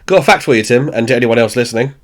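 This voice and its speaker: A man's voice: medium pitch, expressive, racing. A man co-hosting a podcast, recapping a sitcom in casual chat, blunt and sweary, acting out lines with laughter. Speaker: podcast co-host.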